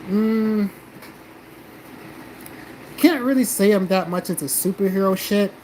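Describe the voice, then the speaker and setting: A man's voice: high-pitched, a little slow, darkish tone, slight background noise, poor audio. A man from the American South, chatting casually on a live stream and answering comments in a blunt, profane, defensive way. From South Carolina, American South.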